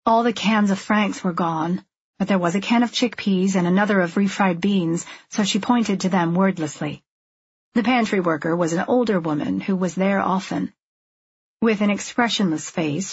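A woman narrating a novel in a steady, measured and subdued way. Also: mid-range voice, slightly rough, dry recording, highs cut off. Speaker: audiobook narrator. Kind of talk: scripted narration.

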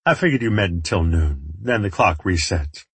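This is a gruff, gravelly grown man from an audiobook, a hard drinker with a blunt, teasing way of talking, as a man reads him aloud. The voice sits low and rough, and the recording is dry and close. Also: expressive, moderate pace, no echo, full character voice.

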